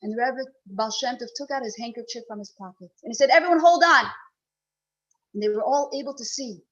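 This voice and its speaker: A woman giving an earnest inspirational talk to a women's gathering, telling a story and swelling and dropping in loudness. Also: on the high side, fast. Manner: earnest, rising and falling in loudness. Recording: dull lo-fi recording.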